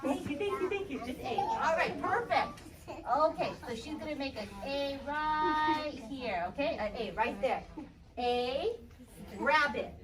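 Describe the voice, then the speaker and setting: A young woman teaching kindergarten, upbeat and encouraging, sounding out letters slowly for the children. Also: high-pitched, animated. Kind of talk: interactive classroom teaching. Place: kindergarten classroom. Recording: distant, noisy classroom recording.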